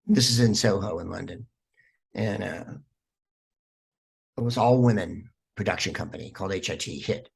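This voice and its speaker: A man, a comedian guest on a podcast, telling stories in a lively, rambling way with plenty of fillers. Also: fairly low pitch, creaky, slightly rough. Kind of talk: casual podcast interview.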